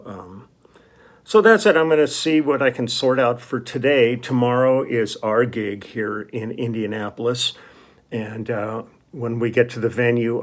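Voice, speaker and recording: An American man talking casually to his viewers as a touring musician, relaxed and rambling with plenty of ums and uhs. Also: medium pitch, breathy edge. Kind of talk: casual vlog talk.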